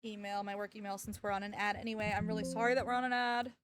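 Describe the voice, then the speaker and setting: A woman's voice: medium pitch, flat delivery, very fast, music in the background. A young woman streaming and chatting casually, ranting sarcastically and laughing often. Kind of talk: casual livestream chat.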